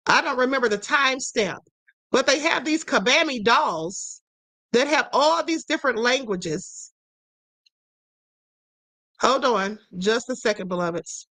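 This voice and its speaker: A woman's voice: a little high, animated, a little slow, pauses often, bright, forceful tone, no echo. A woman hosting a political commentary livestream, talking emphatically to her viewers in a string of rhetorical questions. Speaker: livestream host.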